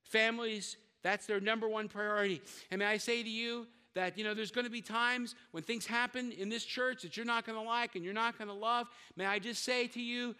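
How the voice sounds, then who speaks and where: High, bright-voiced older male pastor. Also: fairly even intonation, a little fast, few pauses, smooth, in a large hall. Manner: conversational, joking asides, repeats words while searching. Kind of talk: sermon.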